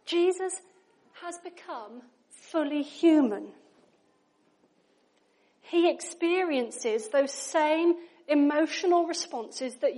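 A woman's voice: high voice, a little mellow. A woman preaching a sermon in a chatty, conversational way, often asking her listeners questions.

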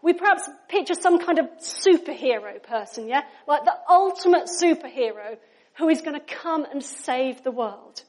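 Woman, preacher, sermon, high voice, chatty, asks the audience questions. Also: animated, moderate pace.

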